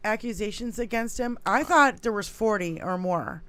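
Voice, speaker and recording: A woman's voice: medium pitch, lively intonation, normal speed, fairly bright tone, no echo. A woman co-hosting a political podcast in casual chat, ranting angrily and swearing often. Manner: angry, profane ranting. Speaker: podcast co-host.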